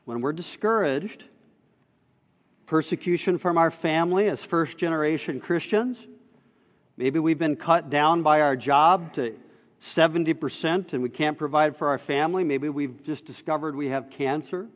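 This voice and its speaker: A male pastor preaching a sermon, emphatic, pressing hard on key words and then dropping low and slow. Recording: dull sound with long reverb in a hall.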